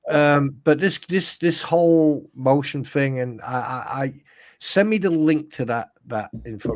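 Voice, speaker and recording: A British man co-hosts a live stream and chats casually. He rambles and jokes, and he often slips into quick mimicry of other people. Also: medium pitch, a little mellow, no room sound. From United Kingdom. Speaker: stream co-host.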